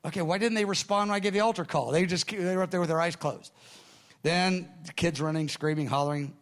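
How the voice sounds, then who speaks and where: A man preaching as a pastor, telling a story and acting out the voices of the people in it, his volume swinging from hushed to loud. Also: high voice, brisk. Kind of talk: sermon storytelling.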